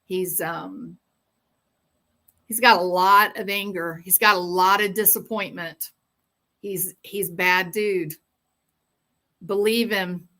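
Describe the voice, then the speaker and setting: A woman hosting a true-crime livestream in a loose, casual chat. She drawls slowly with a bright, forceful tone. Her talk rambles into sarcastic asides between viewer comments. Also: medium pitch, steady tone.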